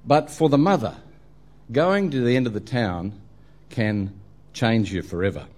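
A man's voice: medium pitch, measured pace, a little mellow. Australian man telling a humorous sermon. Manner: humorous storytelling, frequent ums and uhs. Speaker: preacher. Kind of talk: sermon with anecdotes.

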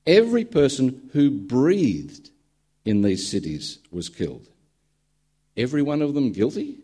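A man preaching with a husky, slightly breathy voice. His pitch swings widely as he tells a story with dry humour, and his tone is dark and mellow. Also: very animated, unhurried. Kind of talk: sermon with a told joke.

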